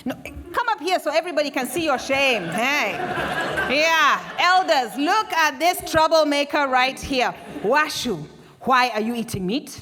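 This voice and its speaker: A woman storyteller playing a bossy village elder who loudly mocks and commands people on stage. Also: animated, a little slow, in a large hall, exaggerated voice. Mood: commanding. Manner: booming, teasing, commanding.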